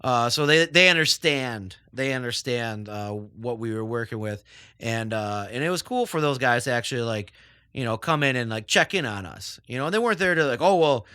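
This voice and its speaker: Rambling man with a bright, crisp voice. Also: medium pitch, lively intonation, normal speed, no room sound, clean studio sound. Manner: rambling, heavy use of filler words. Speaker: chef guest. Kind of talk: casual interview talk.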